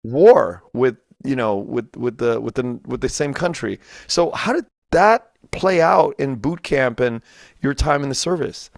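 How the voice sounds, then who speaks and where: Brief: male podcast host, hesitant, mid-pitched, recorded dry and close. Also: animated, creaky, no room sound. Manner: halting, restarts often while framing questions. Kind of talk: conversational interview.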